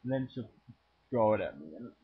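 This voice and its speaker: A teenage boy goofing around while he films himself cooking at home, crude and joking, with sudden loud yells. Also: lowish voice, lively intonation, brisk, husky. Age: teens. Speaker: home cooking video maker. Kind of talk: goofy profane cooking vlog. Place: home kitchen. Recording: tinny lo-fi home camera audio.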